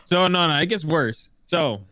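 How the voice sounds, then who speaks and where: Animated man telling a wild story. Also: a little high, moderate pace, no echo. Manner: animated, acts out voices in quotes. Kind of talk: casual storytelling.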